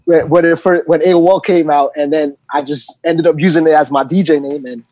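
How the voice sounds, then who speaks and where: Laid-back DJ guest man, slightly high voice. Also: brisk, no room sound. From New York. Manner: relaxed, laughs a lot, hesitant with ums. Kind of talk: casual chat.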